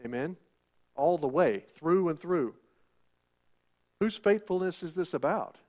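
A man preaching with a high, light voice. He leans on repeated lines and rhetorical questions, calling out to the congregation for an "Amen". His delivery is emphatic and insistent. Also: animated, a little slow, a little mellow. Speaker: pastor. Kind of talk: sermon.

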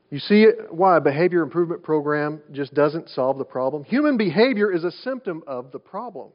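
A man's voice: on the high side, lively intonation, a little fast, few pauses. A male pastor preaching a sermon in a conversational way, asking rhetorical questions and often restarting his phrases. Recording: dull lo-fi sound.

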